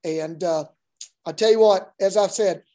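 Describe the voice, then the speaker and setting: Male basketball coach, warm mellow tone, folksy storyteller who rambles and restarts his sentences. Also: sits high, measured pace. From Oklahoma. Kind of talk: casual interview storytelling.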